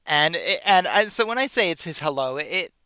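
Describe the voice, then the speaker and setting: A man's voice: a little high, expressive, moderate pace, pushed and bright, clean tone, no echo. A man hosting a show, retelling an ancient epic in a casual, slangy, joking way. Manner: slangy, joking, with playful asides. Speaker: host. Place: in America.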